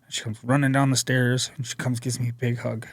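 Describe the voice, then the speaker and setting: A man telling his recovery story as a podcast guest, earnest and energetic, acting out what people said. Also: medium pitch, a little fast, husky, dry recording. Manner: energetic, earnest storyteller who acts out quotes. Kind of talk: personal storytelling interview.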